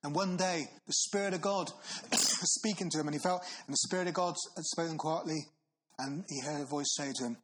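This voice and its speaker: A man preaching a sermon, earnest, asking listeners questions and slowing for solemn Bible readings. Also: fairly high pitch, a bit bright, poor audio. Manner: earnest, asks the listener questions with tag phrases.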